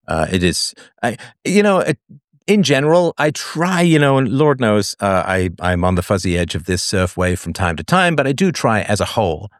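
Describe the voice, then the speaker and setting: A man's voice: lowish voice, no room sound, studio quality. A man from England hosting a call-in show, talking casually with many fillers and restarts.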